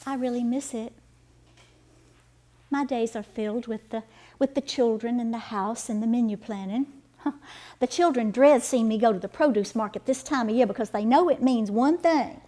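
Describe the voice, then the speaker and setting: A woman's voice: on the high side, moderate pace, warm tone, lightly acted. A woman playing a gossipy 1880s wife. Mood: chatty. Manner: gossipy, laughing, folksy. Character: chatty 1880s river-town wife and mother. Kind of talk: period character monologue.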